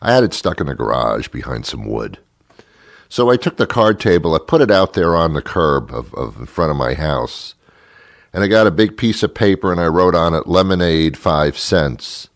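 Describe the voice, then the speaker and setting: A middle-aged man from New Jersey tells rambling stories in a grumpy, sardonic comic monologue. His voice sits very low. The recording is close and dry. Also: sing-song, moderate pace, dry recording. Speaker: show host. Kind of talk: comedic monologue.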